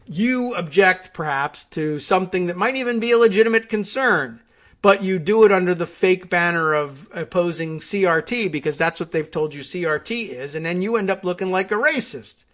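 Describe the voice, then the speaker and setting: A man's voice: high-pitched, moderate pace, a bit bright. Sarcastic male political podcast host. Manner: sarcastic, thinks aloud with fillers. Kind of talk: political commentary.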